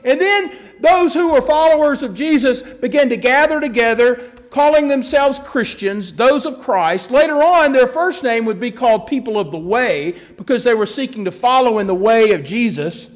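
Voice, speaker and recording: High-voiced man preaching a sermon. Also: animated, moderate pace, few pauses. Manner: conversational storytelling with self-deprecating asides. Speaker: pastor.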